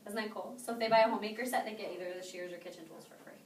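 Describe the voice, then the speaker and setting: A woman's voice: mid-range voice, fairly even intonation, racing, a little hiss or hum. A young woman leading a sales training class, upbeat and constantly quizzing her trainees with "okay?". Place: training room with a group. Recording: echoey room, mic far off.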